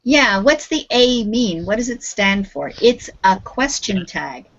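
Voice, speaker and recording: Over dull, lo-fi video call audio, a Canadian-accented woman teaches an English lesson, patiently prompting her students. Her voice sits at a medium pitch with a fairly bright tone, and she sounds very animated while keeping a measured pace.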